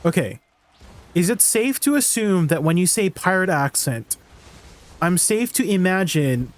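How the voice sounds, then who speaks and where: A man streaming a game and chatting casually with his viewers, laughing easily as he answers their questions. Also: fairly high pitch. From Canada. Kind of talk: casual gameplay stream chat.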